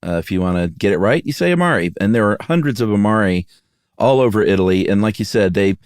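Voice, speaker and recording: A man's voice: on the low side, expressive, fast, darkish tone, smooth, dry recording, clean studio sound. A man co-hosting a podcast in a laid-back, joking way, chatting casually. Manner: laid-back, jokey, hums little made-up songs. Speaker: podcast co-host. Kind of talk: casual chat.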